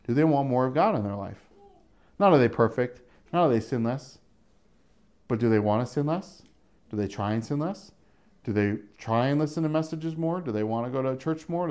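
A middle-aged pastor leads a casual, verse-by-verse Bible study, chuckling often and acting out the voices he quotes. His medium-pitched voice is creaky and darkish.

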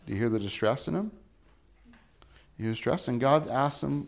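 A man preaching a sermon, earnest and dramatic, dropping to a soft low voice to press his points. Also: lively intonation, a little fast. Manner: dramatic, acts out quoted voices with rising pitch and volume. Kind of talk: sermon reading and explaining scripture.

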